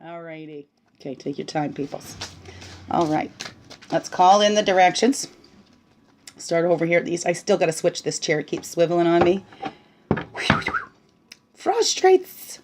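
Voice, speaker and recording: A woman giving a casual spiritual talk while reading oracle cards, bubbly and chatty, often tagging on "right?" and slipping into soft, hushed asides. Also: lowish voice, fairly even intonation, normal speed, pauses often, heavy background noise. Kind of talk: casual spiritual teaching monologue.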